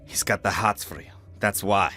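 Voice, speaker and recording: A man's voice: low-pitched, steady tone, moderate pace, sharp tone, faint music behind. A man voicing a violent, hot-tempered scammer husband who snarls and roars threats. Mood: scheming anger.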